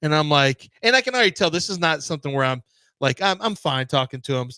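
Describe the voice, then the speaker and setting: A man from the Houston area co-hosting a sports radio show, telling stories in a casual, animated way and acting out the people in them. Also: fairly high pitch, fast, no echo. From Houston area, Texas. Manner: animated storyteller, acts out other people's voices.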